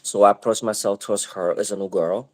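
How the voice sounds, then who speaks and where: Man, casual co-host; low, loose, filler-heavy storyteller. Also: a little fast. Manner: rambling, animated retelling with many fillers.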